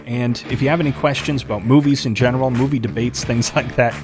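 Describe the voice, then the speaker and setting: Man, movie-show host, chatty and enthusiastic, mid pitch. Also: fairly even intonation, fast talker, over music. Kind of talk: casual movie recommendation talk.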